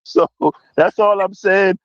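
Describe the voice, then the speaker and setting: A man's voice: high-pitched, lively intonation, slow pace, gravelly, lo-fi sound. A man making his case in a heated podcast debate, emphatic and repeating his point. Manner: emphatic, repeats "that's all I'm saying".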